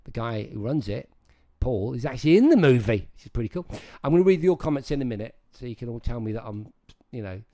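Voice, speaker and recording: Animated man chatting to his stream. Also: medium pitch, fast. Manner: animated, rambling, talks straight to chat. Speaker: livestream host. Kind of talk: casual livestream chat with viewers.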